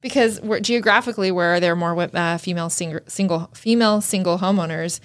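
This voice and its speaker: Podcast co-host, woman, frank and emphatic, a bit low in pitch. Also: fairly quick. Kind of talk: casual chat.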